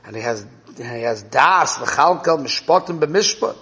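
Male Torah teacher, unhurried delivery, long hall reverb. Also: medium pitch, lively intonation, sharp tone. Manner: checks in with listeners, 'right?' and 'okay?'. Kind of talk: Torah class explaining a parable.

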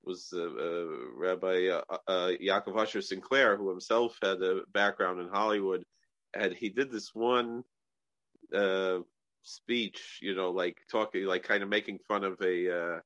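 A man chatting about films, halting and stumbling over his words. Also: low-pitched, fairly even intonation, fairly bright tone, no room sound, highs cut off. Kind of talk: casual film discussion.

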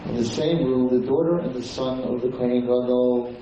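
A man's voice: medium pitch, fairly even intonation, moderate pace, warm tone, a little hiss or hum. A man giving a lecture on liturgy. He tells the story dramatically with quoted speech and chants some lines. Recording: very echoey room, distant mic, dull lo-fi sound.

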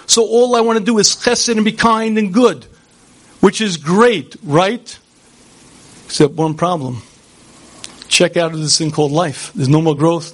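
A man giving a Torah lecture, animated and rhetorical, speaking straight to his audience. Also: high-pitched.

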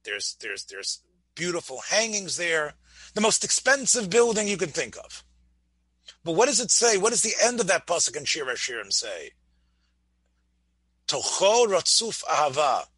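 A man's voice: high voice, very animated, normal speed, sharp tone, slightly rough, no room sound. A man giving a Torah class, asking his listeners questions and often restarting his words. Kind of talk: Torah lecture.

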